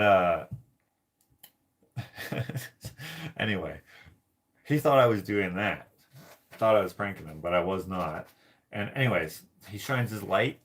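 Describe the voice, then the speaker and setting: A man's voice: fairly low pitch, fairly bright tone, breathy edge. A man telling a rambling personal story to camera, laughing often and filling his talk with "like". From Canada. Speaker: vlogger.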